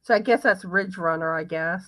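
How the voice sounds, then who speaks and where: A woman's voice: fairly low pitch, moderate pace, fairly bright tone, no room sound. A woman hosting a live stream who chats in a rambling way and fills gaps with "like" and "you know.". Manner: chatty, rambling, full of fillers. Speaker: host. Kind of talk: casual live-stream chat.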